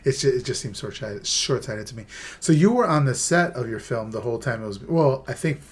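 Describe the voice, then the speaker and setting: A man's voice: medium pitch, expressive, fairly quick, breathy edge. A man hosting a casual podcast interview, asking questions and chiming in with short agreeing replies. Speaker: podcast host.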